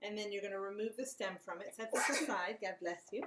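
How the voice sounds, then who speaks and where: Speaking fast in a medium-pitched voice, a woman chats her way through each recipe step on her home cooking show, also talking with a child in the kitchen. The recording is very noisy, with loud clattering of dishes and pans.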